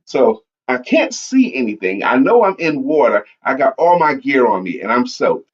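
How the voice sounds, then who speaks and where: A man co-hosting a streamed talk show and telling a personal story with lively energy. He acts out moments as he goes, at one point shouting for help. His pitch sits in the middle range, and the stream audio is a little muffled and lo-fi. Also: moderate pace, breathy edge. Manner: animated storyteller, acts out yelling. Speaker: podcast co-host. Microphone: online stream setup.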